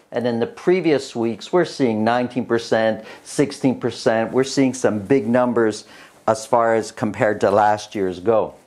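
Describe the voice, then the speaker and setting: Chatty male realtor giving market numbers. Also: medium pitch. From Canada. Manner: animated, chuckling storyteller with many restarts. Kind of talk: casual market update to camera.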